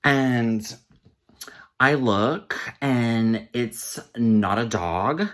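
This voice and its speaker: Sassy, animated man telling a story. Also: medium pitch, very slow. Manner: sassy, animated, calls listeners honey and girl. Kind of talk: casual storytelling to camera.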